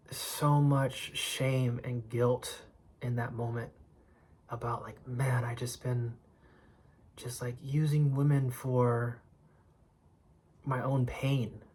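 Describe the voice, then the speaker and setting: Guy in his 30s, slow thoughtful confessional story, flat even voice, drops soft at times. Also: medium pitch. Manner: slow, reflective, drops to a whisper for quoted moments. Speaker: vlogger sharing a personal story.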